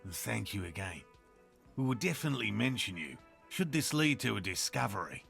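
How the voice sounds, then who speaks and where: A feverish, apologetic scientist in a game: crackly, bright tone, lively pitch, coughing. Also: male voice, fairly quick, creaky, faint music behind, full character voice. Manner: polite, hesitant, rambling. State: sick, coughing. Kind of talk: video game voice acting.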